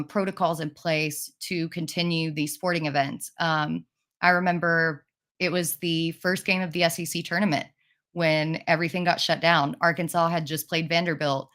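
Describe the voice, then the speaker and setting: A woman's voice: sits low, fairly bright tone. A woman hosting an interview, asking questions and responding with encouraging enthusiasm. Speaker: interview host. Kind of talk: casual interview.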